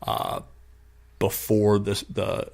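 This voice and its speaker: A man's voice: lowish voice, extremely slow, creaky. A young man co-hosting a casual sports podcast, telling stories and acting out his friends' lines with lots of swearing. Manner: animated storyteller who acts out quoted friends loudly and profanely. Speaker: podcast co-host.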